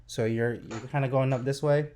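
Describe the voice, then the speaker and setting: Excitable man telling a story. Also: mid-range voice, fairly quick, slight background noise. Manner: animated, excitable storytelling with vivid sound effects. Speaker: podcast host. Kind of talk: casual storytelling chat.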